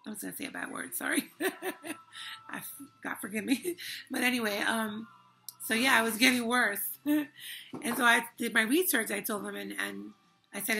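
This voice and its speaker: A woman's voice: a little high, moderate pace, vocal fry, pauses often, pushed and bright. A young woman vlogger giving an emphatic, frank and indignant personal testimony. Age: young adult.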